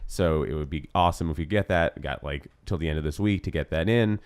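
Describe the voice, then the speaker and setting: A man's voice: very deep voice, fast, a little mellow, clear, resonant tone, no echo. A young man guest on a podcast, easygoing and wry in casual chat.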